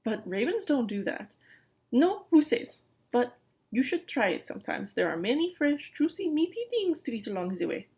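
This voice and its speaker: A woman's voice: on the high side, big pitch swings, normal speed, a little mellow, voice pushed up. A woman reading aloud and voicing a grand, hammy male raven who boasts theatrically about himself. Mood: grandly boastful. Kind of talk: reading a children's novel aloud.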